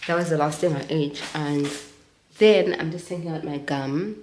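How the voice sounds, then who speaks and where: Low-voiced South African woman, roomy sound. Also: fairly even intonation, normal speed, darkish tone. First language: Zulu. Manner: reflective, mixes English with Zulu phrases. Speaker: vlogger. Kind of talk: casual talking to camera. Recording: roomy audio from a distance.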